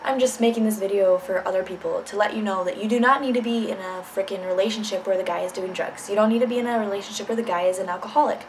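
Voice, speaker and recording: A woman's voice: medium pitch, steady tone, quick pace, hardly any pauses, a little hiss or hum, low-quality recording. A young woman telling a personal story in a casual vlog, blunt and candid, swearing freely. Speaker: vlogger.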